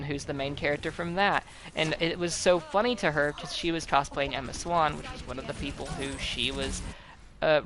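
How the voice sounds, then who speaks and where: A man's voice: on the high side, fairly bright tone, slight background noise. A young man chatting casually while gaming, rambling with lots of fillers and frequent swearing. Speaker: gaming channel host.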